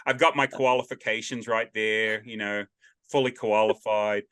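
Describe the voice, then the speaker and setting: A man's voice: lowish voice, fairly even intonation, moderate pace, fairly bright tone, clean tone, dry recording, studio quality. A man with an Australian accent hosting a casual interview, rambling and joking as he drifts off on tangents, speaking over a video call. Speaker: podcast host. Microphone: video call headset.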